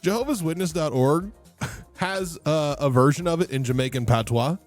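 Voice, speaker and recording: A man's voice: a little high, normal speed, faint music behind. A young man livestreaming, chatting casually with viewers, laughing often, rambling and swearing freely. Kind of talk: casual stream chat.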